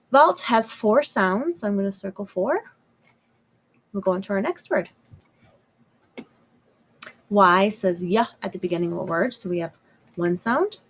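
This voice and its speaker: Slow, patient woman teaching phonics. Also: mid-range voice, rough recording. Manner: sounds out words slowly and clearly. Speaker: first grade teacher. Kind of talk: slow, patient phonics lesson for young children.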